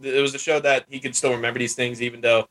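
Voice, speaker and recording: A podcast host rambles through a casual chat show, laughing as he retells scenes in put-on voices. He talks fast, with a medium-pitched, level and slightly bright voice.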